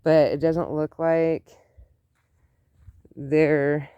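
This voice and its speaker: Gravelly, slow-talking woman in a garden. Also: low-pitched, fairly even intonation, dark tone, no echo, muffled recording. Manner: rambling, says "like" often. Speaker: gardening vlogger. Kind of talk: casual vlog chat. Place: outdoor garden.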